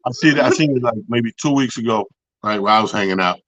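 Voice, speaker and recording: A man, a comedian hosting a casual comedic radio chat, loud, profane and animated. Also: medium pitch, fast talker, no echo, muffled recording. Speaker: comedian and show host.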